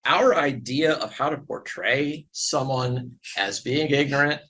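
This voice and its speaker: A man's voice: medium pitch, unhurried, bright, forceful tone, a little hiss or hum, poor audio. A middle-aged man from the northern United States giving a lecture with slides, earnest and wry, building his argument step by step. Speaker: guest lecturer.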